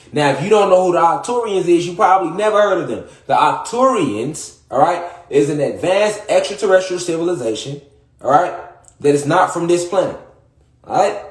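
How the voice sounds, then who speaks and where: A man delivering a rambling, preachy comedic monologue, repeating himself and swearing often, getting louder as he goes. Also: a little high, reverberant. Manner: preachy, repetitive, profane, rising to shouts. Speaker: comedic conspiracy monologue performer.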